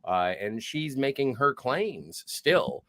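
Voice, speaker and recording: A man co-hosting a podcast, talking through the episode in casual discussion, animated and halting. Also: mid-range voice, no echo, clean studio sound. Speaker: podcast co-host.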